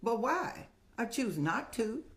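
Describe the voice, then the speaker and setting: This older woman speaks slowly in a slightly high, sing-song voice while running her live-streamed advice show. Motherly and a bit preachy, she addresses her audience as "child" and tells stories punctuated with laughter.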